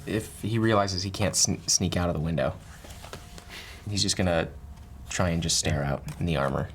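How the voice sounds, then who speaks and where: A man's voice: low voice, moderate pace, fairly bright tone, a little hiss or hum. A man casually playing a tabletop game, talking playfully and laughing often. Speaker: player.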